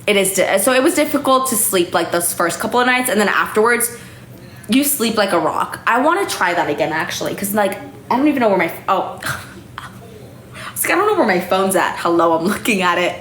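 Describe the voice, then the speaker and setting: A woman's voice: on the low side, brisk, a bit bright. A young woman hosting a casual live stream from home, chatty and a little tipsy, with lots of fillers and casual swearing. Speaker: livestream host. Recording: echoey room, faint noise.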